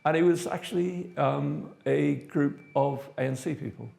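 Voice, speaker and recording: Older man with a gravelly voice. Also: fairly high pitch, steady tone, a little mellow. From South Africa. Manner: measured, thoughtful storytelling with frequent pauses. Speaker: interviewee, theatre director. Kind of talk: reflective personal recollection.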